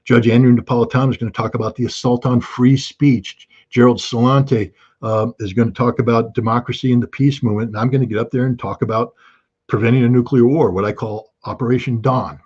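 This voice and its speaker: Urgent, emphatic man with a husky voice. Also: mid-range voice, fairly even intonation, a little fast, darkish tone, dull audio. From United States. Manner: urgent, emphatic, repeating key phrases. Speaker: guest commentator. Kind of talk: impassioned political talk.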